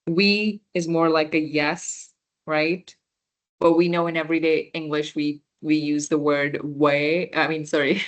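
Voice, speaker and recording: A young woman teaching a beginner class, explaining patiently and checking that her students understand. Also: deep voice. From Punjabi background. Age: young adult. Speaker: French workshop instructor.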